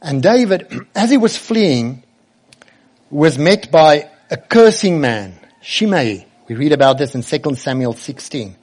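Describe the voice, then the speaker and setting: A man's voice: a little high, big pitch swings, measured pace, a little mellow. Earnest male preacher. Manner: earnest, asks the children questions directly. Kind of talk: sermon.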